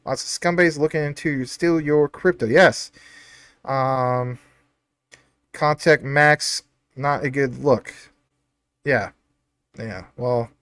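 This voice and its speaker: A man's voice: a little high, fairly bright tone, smooth, no room sound. A man hosting a casual livestream, reading out chat comments in an upbeat, chatty, jokey way. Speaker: livestream host.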